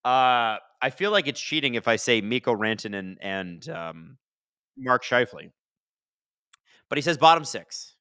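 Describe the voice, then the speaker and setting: A man hosting a live hockey watch-along, chatting and reacting loudly to plays. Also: mid-range voice, animated, measured pace, clear, resonant tone, no room sound, studio quality.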